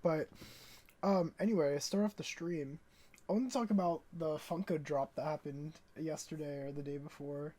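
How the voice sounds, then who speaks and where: A man's voice: on the high side, fairly even intonation, moderate pace, dark tone. A young man hosting a casual podcast chat, loose and joking, swearing now and then. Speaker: podcast host.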